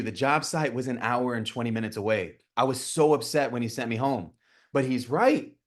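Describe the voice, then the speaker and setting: A man in his thirties with a mid-range voice coaches a live group on real estate cold calling. He's energetic, talks with his hands, and keeps checking in with "right?"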